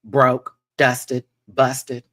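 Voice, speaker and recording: A man's voice: mid-range voice, monotone, very slow, fairly bright tone, no echo. A man voicing a proud, sassy Southern mother of a drag queen, with a country accent and a boastful, teasing drawl. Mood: sassy boasting.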